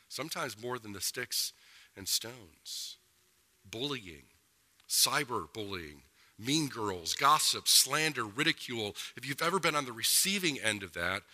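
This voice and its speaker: Bright-voiced male pastor in a reverberant hall. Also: medium pitch. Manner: earnest preaching with slowed emphasis. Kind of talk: sermon.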